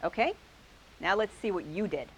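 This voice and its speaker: Woman quilting host, upbeat show-and-tell, mid pitch, light hiss on the recording. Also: expressive, normal speed, poor audio. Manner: enthusiastic, praising each quilt. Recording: faint hiss.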